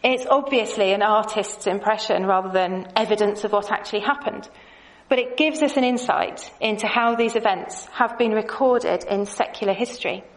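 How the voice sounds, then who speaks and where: A woman presents a lesson in a measured, explanatory way. Her pitch sits in an ordinary middle range, and she speaks clearly, pausing to point things out on her slides. Now and then she drops in a light aside to her audience. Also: rough recording. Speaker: Bible teacher.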